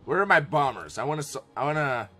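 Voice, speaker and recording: A man commentating his own strategy game play, excitable, joking and swearing as he goes. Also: a little high, fast talker. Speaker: gameplay commentator.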